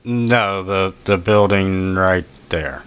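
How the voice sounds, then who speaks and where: A man's voice: deep voice, takes it slowly, fairly bright tone, clean tone. A man running a tabletop game as game master, describing scenes hesitantly with many fillers, on dull lo-fi audio.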